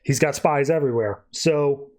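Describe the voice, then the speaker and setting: A man hosting a podcast, casually recapping a comic story and jumping into quick, animated character voices as he retells it. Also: mid-range voice.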